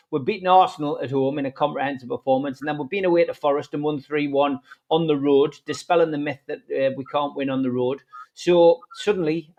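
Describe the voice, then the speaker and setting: A man's voice: a little high, a little mellow, lo-fi sound. A man hosting a football podcast, reading out a listener's question and chatting upbeat about recent results. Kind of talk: casual podcast chat.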